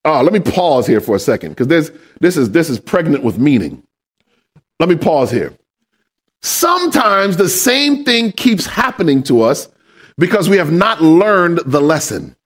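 A man pastor preaching a sermon, asking the congregation questions and building up to shouted emphasis. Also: a little high, very animated, measured pace, slightly rough. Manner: call-and-response questions to the congregation.

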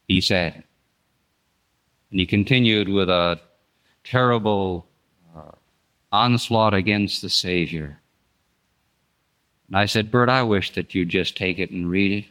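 Older guy preaching, folksy storytelling, tense bright tone, swings loud then soft. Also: low voice, measured pace, long pauses. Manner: earnest, folksy, rises and drops sharply for emphasis. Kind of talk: storytelling sermon.

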